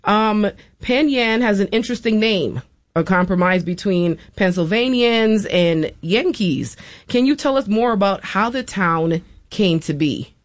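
A woman hosting a public radio talk show from a studio, measured and slowing down for lists and phone numbers. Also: medium pitch, expressive, no room sound. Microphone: studio microphone.

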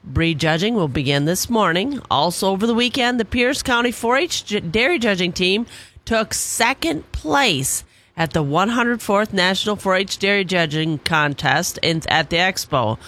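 A woman reading a farm news report on radio in a steady, matter-of-fact way. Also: medium pitch, unhurried.

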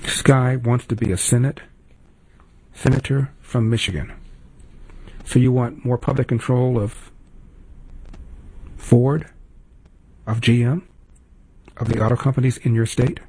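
A male talk radio host delivers pointed commentary in a run of incredulous rhetorical questions. His voice is gravelly and slightly husky, with a mid-range pitch. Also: steady tone, unhurried, pauses often, darkish tone, poor audio.

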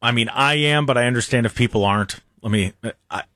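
A man with a medium-pitched voice hosts a casual political talk radio show, speaking fast and animatedly while often restarting and repeating his sentences. The recording is dry with studio quality.

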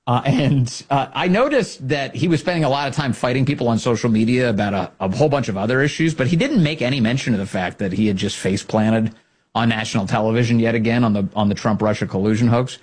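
Sarcastic husky male commentator. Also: medium pitch, fast. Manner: mocking, with lively put-on quotes. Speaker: political commentary host.

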